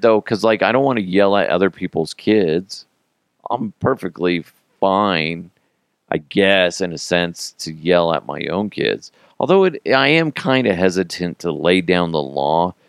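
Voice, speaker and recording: A man's voice: sits low, dry recording, studio quality. A man in his thirties hosting a casual podcast, telling rambling, self-mocking stories, acting out quotes and swearing. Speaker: podcast host.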